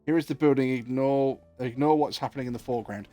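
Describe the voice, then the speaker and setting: A man's voice: mid-range voice, quick pace, warm tone, soft background music. A young man chatting casually and joking with his viewers while streaming a game. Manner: chatty, joking, talks to chat. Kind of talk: casual gameplay chat.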